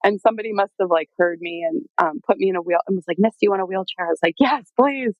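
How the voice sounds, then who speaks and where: A woman's voice: on the low side, very fast, dry recording, dull audio. A woman guest telling her own story in a casual, chatty way, full of fillers and acted-out quotes. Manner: chatty, lots of "like" and "um", animated quoting.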